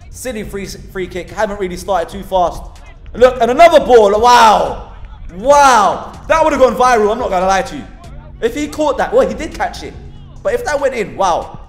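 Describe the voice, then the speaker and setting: A man, a football team manager, giving a voice-over commentary on his team's match, excitable and teasing his players. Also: high voice.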